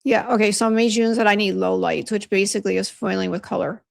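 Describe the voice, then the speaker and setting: This host talks fast in a creaky, medium-pitched voice with fairly even intonation. During a casual beauty livestream for a brand, she reads viewer comments aloud, chatting and venting as she goes.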